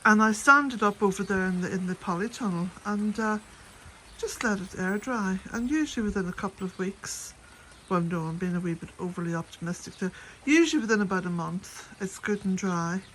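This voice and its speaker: A woman's voice: medium pitch, a little fast, a bit bright, a little hiss or hum. An Irish woman chatting casually to camera outdoors at her cottage garden, rambling and laughing often, a bit out of breath. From west of Ireland.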